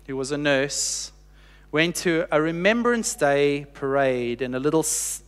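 A man preaching a sermon, telling a story earnestly with slow, emphatic pauses and dropping quiet for quoted lines. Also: a little high, clean tone. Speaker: pastor. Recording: long reverb of a large hall.

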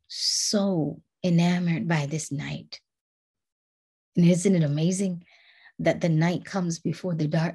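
Woman religious teacher, low husky voice, earnest, repeats phrases for emphasis. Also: darkish tone. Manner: earnest, repetitive, builds emphasis by repeating words. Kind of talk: devotional talk.

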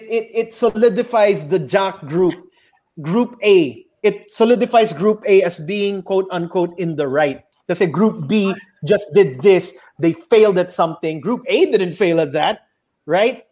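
A young Filipino man with a Filipino accent, co-hosting a casual podcast chat, animated, slipping into Tagalog and swearing. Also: high voice. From Philippines. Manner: animated, mixes Tagalog into English, swears, mock voices. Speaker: podcast co-host.

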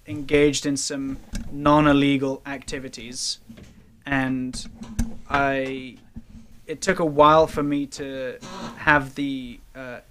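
A man's voice: medium pitch, fairly bright tone, a little hiss or hum. A young man with an English accent, co-hosting a casual podcast chat and telling rambling, self-mocking stories. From England. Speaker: podcast co-host.

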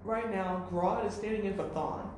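A co-host in a casual TV recap chat, cutting in with quick playful jokes. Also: mid-range voice, a little mellow, slight background noise. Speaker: podcast co-host. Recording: very echoey room.

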